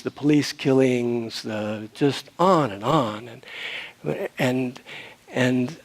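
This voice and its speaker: A man giving a conversational sermon to a room of about seventy people, telling a story in an easygoing way, with fillers and restarts. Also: mid-range voice. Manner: storytelling, easygoing, with fillers and restarts, rising loud when retelling shouting. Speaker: speaker at a spiritual community.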